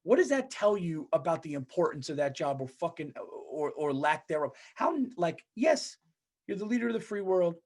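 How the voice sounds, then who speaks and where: A man's voice: fairly high pitch, big pitch swings, normal speed, a little mellow. Profane, ranting male podcast host. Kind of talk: casual comedic monologue.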